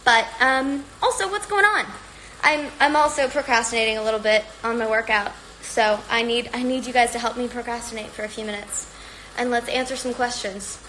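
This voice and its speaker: A woman's voice: fairly high pitch, a little fast, fairly bright tone, slight background noise, poor audio. A woman chatting casually on a livestream from home, rambling and upbeat while slightly out of breath from exercising. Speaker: livestream host.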